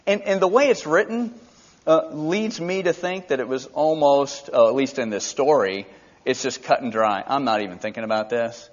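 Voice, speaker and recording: A man's voice: a little high, moderate pace. Conversational preacher man, lo-fi sound. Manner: conversational, acts out characters' lines in asides. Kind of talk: expository Bible teaching.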